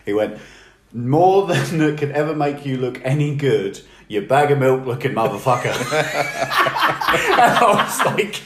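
A man's voice: medium pitch, unhurried. Sweary guy in an echoey room. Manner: sweary, laughing, animated storytelling. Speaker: podcast co-host. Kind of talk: casual banter.

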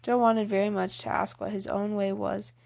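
Female audiobook narrator, unhurried classic-novel reading, flat delivery with a little vocal fry. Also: medium pitch. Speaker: audiobook reader.

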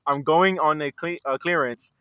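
A man's voice: on the high side, moderate pace. A young man playing a party card game outdoors, teasing and bossing his friends around. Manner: bossy, teasing, lively. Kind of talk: casual chat over a party card game. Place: outdoors in a public spot.

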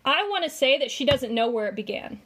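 A woman's voice: high-pitched, animated, fairly quick, fairly bright tone. A woman co-hosting a casual commentary podcast, chatty and heavy on fillers as she explains. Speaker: podcast co-host.

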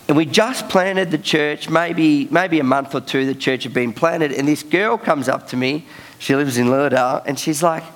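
Man, pastor, chatty sermon storytelling, slightly high voice, animated. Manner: chatty, animated storytelling with frequent laughs and fillers.

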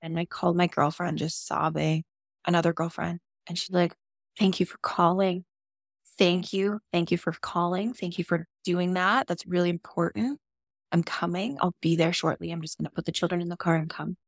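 A woman's voice: on the low side, steady tone, moderate pace, dry recording, clean studio sound. A woman guest on a podcast, candidly telling a personal story in an open, emotional and casual way, with some swearing.

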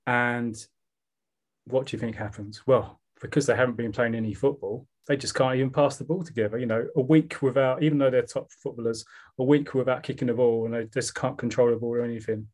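A man's voice: medium pitch, fairly even intonation, fairly quick, darkish tone. A man with a South East London accent, co-hosting a podcast and retelling a comic story in casual, rambling chat. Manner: rambling, with fillers and restarts. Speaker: podcast co-host.

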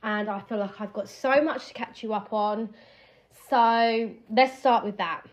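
A woman's voice: on the high side, measured pace. A young woman hosting her podcast at home in a candid, rambling chat, breaking off and restarting her thoughts. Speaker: podcast host. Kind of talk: casual chat. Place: at home while doing her hair.

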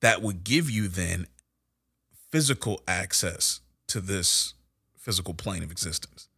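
Low, bright-voiced animated man. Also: a little slow, gravelly, slightly rough, no room sound, studio quality. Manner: animated storyteller, gets loud and high when excited. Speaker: podcast co-host. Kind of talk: casual faith-based discussion.

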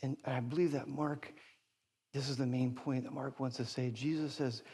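A middle-aged male pastor preaching a sermon, telling a story with big jumps up in pitch when excited and dropping quiet for serious points. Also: moderate pace, slightly rough. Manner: animated storytelling, voice leaping high when excited.

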